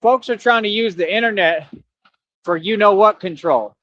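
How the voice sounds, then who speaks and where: A man's voice: sits high, moderate pace, a bit bright, lo-fi sound, a little hiss or hum. A man streaming a casual commentary monologue, talking in a conversational way with rhetorical asides. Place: home streaming setup.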